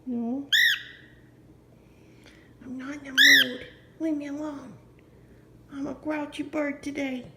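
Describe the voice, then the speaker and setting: A woman's voice: sits high, flat delivery, slow, pauses often, voice pushed up. A woman voicing her grouchy female pet cockatiel, with sulky, pouting replies. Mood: grumpy. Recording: loud background noise.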